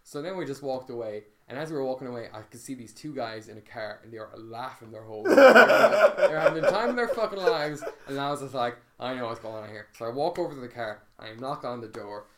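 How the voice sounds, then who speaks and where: Animated, sweary male storyteller. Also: mid-range voice, fast, hardly any pauses. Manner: animated, swears freely, many restarts. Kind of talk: casual storytelling chat.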